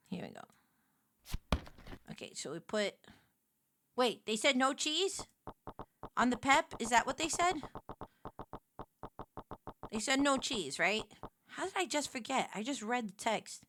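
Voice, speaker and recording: Background noise accompanies a young woman streamer whose slightly high voice carries her excitable, casual gameplay commentary. She talks to herself and shouts whenever she's flustered.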